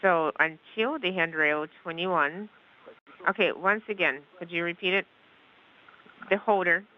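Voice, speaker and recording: A man interpreting radio calls live into English, halting, with fillers and restarts. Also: high voice, lo-fi sound.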